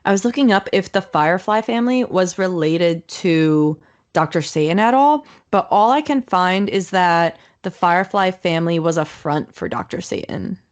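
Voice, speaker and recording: Chatty woman with a lowish voice. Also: animated, normal speed, dull audio. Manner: chatty, shares what she looked up. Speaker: podcast co-host. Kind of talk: casual chat.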